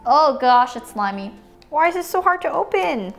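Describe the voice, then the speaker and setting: A woman's voice: high voice, moderate pace, faint music behind. A woman hosting a toy unboxing video, bubbly and playful, chatting as she opens each item and sometimes slipping into silly voices for the toys.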